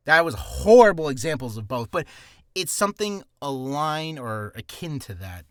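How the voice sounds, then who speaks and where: A man's voice: a little high, very animated, normal speed, dry recording, studio quality. A man teaching voice acting in a casual tutorial, rambling with asides and poking fun at himself. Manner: rambling and self-deprecating, full of asides.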